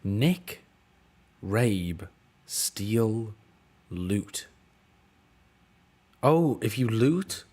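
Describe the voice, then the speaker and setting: Slow, lively-pitched British man puzzling aloud. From United Kingdom. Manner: thinking aloud, exasperated, swearing. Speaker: streamer. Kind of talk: casual chat while solving word puzzles.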